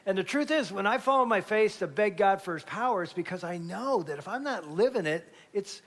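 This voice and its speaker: A man in his fifties, a pastor and grandfather, telling family stories in an animated, conversational sermon. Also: high-pitched, a little fast. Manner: animated storyteller with sudden loud jumps.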